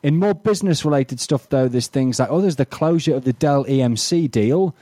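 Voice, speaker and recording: A man's voice: medium pitch, a little fast, warm tone, dry recording. A man hosting a tech podcast, chatting in a genial, joking way. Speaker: podcast host. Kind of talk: casual tech podcast chat.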